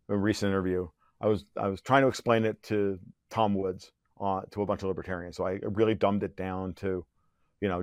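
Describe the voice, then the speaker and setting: A man's voice: sits low, no room sound, studio quality. A man speaking as a podcast guest in a heated, profane rant, full of restarts and sarcastic jabs. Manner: profane, rapid restarts and filler-heavy; sarcastic and mocking. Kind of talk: heated conversational ranting.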